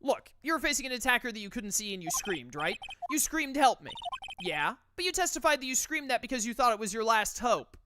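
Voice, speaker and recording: A woman's voice: on the high side, very animated, brisk, noisy background. A woman reading a pressing young male lawyer. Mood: insistent. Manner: pressing, questioning. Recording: game music behind voice.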